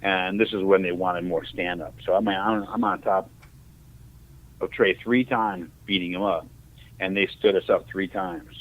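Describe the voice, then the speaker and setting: A man's voice: deep voice, measured pace. Rambling ex-fighter man on a tinny line. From Ohio. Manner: rambling, animated, acts out quoted dialogue. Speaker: podcast guest. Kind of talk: casual storytelling. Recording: tinny phone-like audio.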